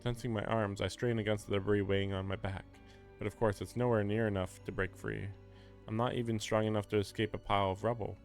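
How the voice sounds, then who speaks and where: A man's voice: fairly low pitch, flat delivery, fast, faint music behind. A man streaming a visual novel, reading its text aloud and breaking off into wry, chatty commentary.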